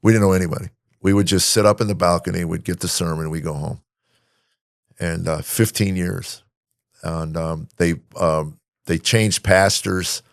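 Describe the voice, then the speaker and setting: A man hosting a podcast in casual chat, halting, with many fillers and restarts. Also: deep voice, fairly even intonation, vocal fry, no room sound, studio quality. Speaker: podcast host.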